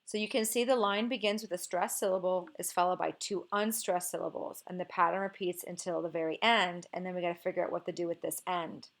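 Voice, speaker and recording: A woman teacher giving a relaxed, informal lesson on poetry, sometimes slowing down to read verse aloud with marked stress. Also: on the low side. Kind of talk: recorded lecture on poetry.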